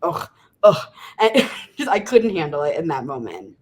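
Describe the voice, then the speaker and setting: A woman in her thirties tells a candid story as a podcast guest, often breaking into laughter. Her voice is husky and breathy. It sits on the lower side for a woman. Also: moderate pace. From Las Vegas, USA. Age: 30s. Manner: laughing often through a frank, animated story.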